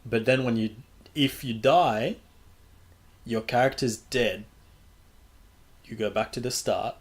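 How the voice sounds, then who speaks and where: A young podcast host with a medium-pitched voice speaks slowly in a casual chat. He rambles loosely and swears freely.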